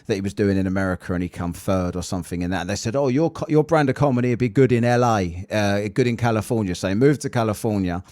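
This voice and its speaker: A man's voice: on the low side, steady tone, fast, hardly any pauses, darkish tone, no echo, clean studio sound. A British man hosting a podcast, chatting casually, telling stories and swearing freely with a jokey manner. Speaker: podcast host.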